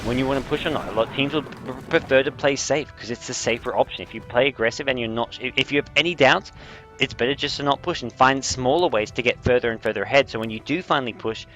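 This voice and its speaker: A young man casting a video game match on his own, with a slight French accent, explaining strategy calmly and getting excited on big plays. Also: medium pitch, quick pace, soft background music. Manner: analytical, rising to excited bursts on big plays. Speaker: esports caster. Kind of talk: solo game commentary.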